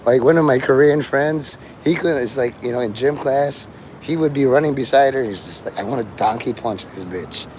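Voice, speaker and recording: Livestreaming outdoors on his phone, a man rambles to his chat and acts out the voices of the people he quotes. His voice is medium-pitched and fairly quick, with background noise behind it.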